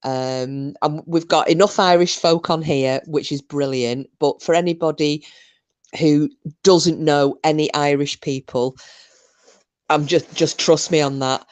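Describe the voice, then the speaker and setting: Woman, low voice, rambling, casual live-stream chat, lots of fillers. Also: fairly even intonation, unhurried, a little mellow. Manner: chatty, rambling, many restarts and fillers. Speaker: livestream host.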